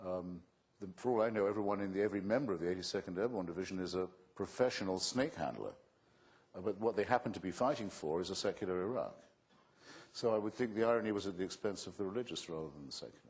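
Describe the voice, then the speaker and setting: Husky, sardonic male debater. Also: deep voice, fast. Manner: sardonic, witty, forceful. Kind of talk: public debate answer. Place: auditorium.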